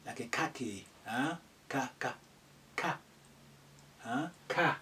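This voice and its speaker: A man teaching letters slowly and patiently, repeating each sound many times. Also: fairly high pitch, sing-song. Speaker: Arabic teacher. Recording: somewhat distant from the mic.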